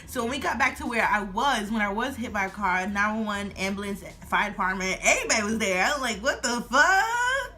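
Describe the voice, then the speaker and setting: A woman's voice: mid-range voice, fast talker, few pauses, sharp tone, slight background noise. A woman in her twenties telling a storytime vlog at home, laughing often as she talks. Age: 20s. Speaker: vlogger.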